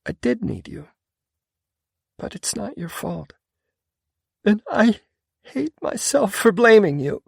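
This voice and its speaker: A man voicing a wounded, stubborn young woman in an audiobook, pleading and anguished, sometimes yelling. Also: high voice, very animated, takes it slowly, vocal fry, long pauses, husky, no echo, clean studio sound, pitched above the performer's own voice, exaggerated voice. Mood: tearful. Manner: pleading and anguished, rising to yells. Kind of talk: audiobook character voice.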